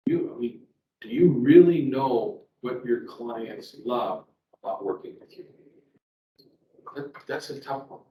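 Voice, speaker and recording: A middle-aged man leads a live sales seminar, telling personal stories in a conversational way and repeating words, his medium-pitched voice animated but a little slow. The audio is dull with a little hiss or hum, captured by a distant mic in an echoey room with faint background ambience.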